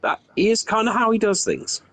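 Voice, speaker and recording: A man's voice: sits high, expressive, normal speed, creaky, fairly bright tone, dry recording, rough recording. A man co-playing a farming game on a stream, laid-back and answering in short agreeing replies. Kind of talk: casual gameplay chat.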